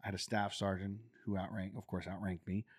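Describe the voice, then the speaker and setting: Animated man telling army stories. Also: deep voice, brisk, slightly rough. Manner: animated, acts out quoted voices, laughs often. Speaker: Marine veteran telling stories. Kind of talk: casual storytelling.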